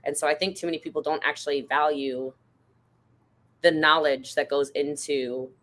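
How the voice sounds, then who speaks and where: Thirties woman, host, bright, forceful tone, animated storyteller who acts out quotes. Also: moderate pace. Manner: animated storyteller, jumps into high-pitched quoted voices. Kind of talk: casual conversation.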